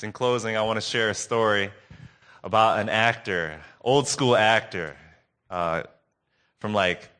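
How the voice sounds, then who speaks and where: A man preaching a sermon recap, earnest and telling a story with dramatic pauses. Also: lowish voice, pushed and bright.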